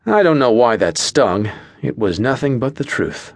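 A man's voice: mid-range voice, sing-song, normal speed, dry recording. A man narrating a first-person fantasy audiobook in a wry, dry storytelling manner.

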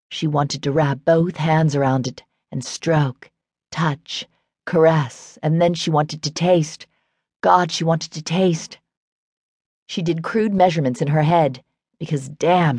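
A woman audiobook narrator giving a steady, measured reading of a romance novel. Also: low-pitched, breathy edge, dry recording.

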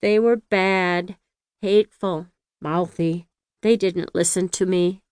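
A woman reading the lines of a gray-haired elderly woman in shock who mutters slowly and incoherently, in an audiobook. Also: on the low side, steady tone, darkish tone, clear, resonant tone, dry recording, studio quality. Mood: dazed. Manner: slow, muttering.

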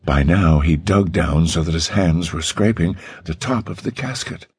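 A man narrating a suspense audiobook in a measured, tense way. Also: low voice, a little mellow, slightly rough, no echo.

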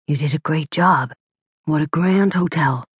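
A woman's voice: low voice, a little slow, slightly rough, no room sound, clean studio sound, exaggerated voice. A woman doing an easygoing young male friend. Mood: friendly.

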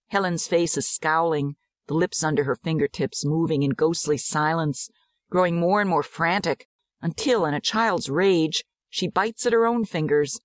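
Low-voiced woman narrating a drama. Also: no echo, studio quality. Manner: measured, descriptive. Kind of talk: scripted audiobook narration.

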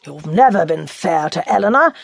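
A stiff, blustering older gentleman, as a woman reader does him, formal and indignant in an audiobook. The voice is breathy and husky, with lively rises and falls, heard dry and close. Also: lowish voice, moderate pace, no echo, heavily acted.

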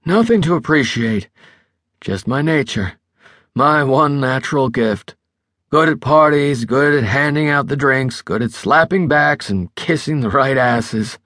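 A man's voice: mid-range voice, expressive, unhurried, a bit bright, no room sound, clean studio sound, voice pushed up. Man voicing a tipsy older political fixer. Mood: boozy. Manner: rambling, backslapping bluster.

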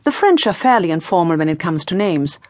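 A woman's voice: lowish voice, very animated, fairly quick, no echo. A woman teaching in a scripted audiobook lesson, prompting the learner in an encouraging, playful way. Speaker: language teacher.

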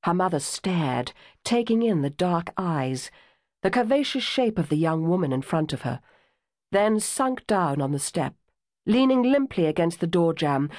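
A woman narrating an audiobook in a lively, expressive reading. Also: low voice, no room sound, clean studio sound. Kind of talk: scripted narration.

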